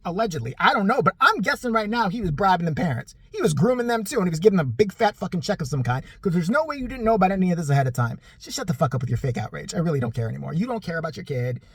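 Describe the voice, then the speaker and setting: A blunt, profane vlogger ranting in sarcastic commentary. The husky voice swings widely in pitch, and the recording is dry and close. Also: big pitch swings, rapid-fire, few pauses, no echo.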